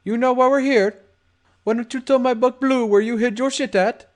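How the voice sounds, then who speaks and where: A man's voice: very high-pitched, steady tone, moderate pace, voice pushed up. A man voicing a menacing, crude male pony gangster in a fan audiobook, taunting and swaggering.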